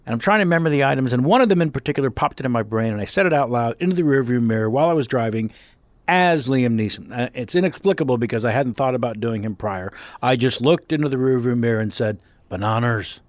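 A man's voice: mid-range voice, fast talker, no room sound. A man, a comedian and impressionist, telling stories as a guest in a casual interview on a studio mic. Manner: storytelling, animated, laughs often. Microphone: studio mic with headphones.

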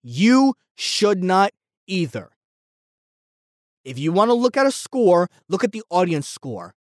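A young man hosting a solo podcast, ranting heatedly and swearing. He repeats himself and swings between yelling and muttering. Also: high-pitched, very animated, slow pace, no echo, studio quality. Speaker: podcast host.

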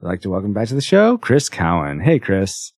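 A man hosts a casual podcast, chatting and laughing often. His pitch swings widely, and the sound is dry and close. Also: wildly swooping pitch, a little fast, darkish tone, slightly rough, dry recording. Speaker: podcast host.

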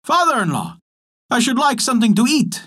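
A man voicing a greedy, demanding male frog in a storybook tale, shouting and croaking his orders. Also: very high voice, big pitch swings, a little fast, pitched above the performer's own voice, heavily acted. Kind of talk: storybook character voice.

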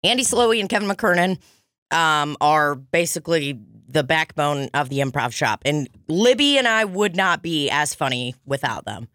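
A woman's voice: low voice, animated, moderate pace, fairly bright tone, no room sound, clean studio sound. A woman co-hosting a casual comedy podcast, laughing often, swearing and acting out quotes. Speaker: podcast co-host.

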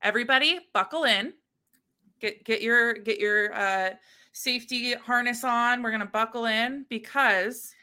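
Young woman co-host, bright tone, lively recap with acted-out quotes. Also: a little high, unhurried. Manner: animated storyteller, acts out quotes. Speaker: podcast co-host recapping a book. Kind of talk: casual chat.

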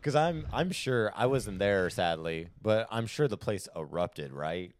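A man co-hosting a casual podcast chat, excitable, laughing often and acting out quotes. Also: fairly low pitch, a little slow. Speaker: podcast co-host.

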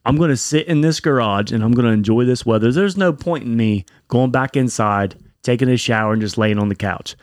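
A young man, a podcast co-host, telling a story in casual chat, animated and profane. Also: mid-range voice, fairly quick, few pauses, no echo, clean studio sound.

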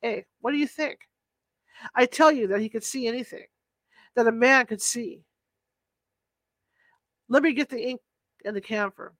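Woman reading as an excited insistent scholar guy, urgent, dry close sound. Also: a little high, a little slow, pauses often, no echo. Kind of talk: audiobook reading.

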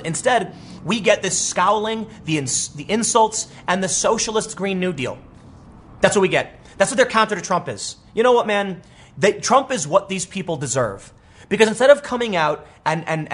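A man in his thirties giving casual political commentary, animated and rambling, with many restarts and quoted asides. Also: high-pitched, husky.

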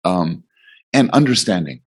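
A man's voice: low voice, very animated, unhurried, slightly rough. A man in his fifties, a guest author explaining ideas in conversation, thoughtful and repeating words as he starts thoughts.

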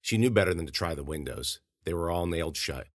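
A man narrating his own horror story in a measured, steady way as a podcast host. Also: deep voice, dry recording, studio quality.

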